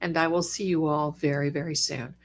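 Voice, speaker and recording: An older woman hosting a psychic live stream in casual, affectionate chat, calling her viewers darlings, with bursts of lively excitement. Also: low voice, a little fast. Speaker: psychic livestream host.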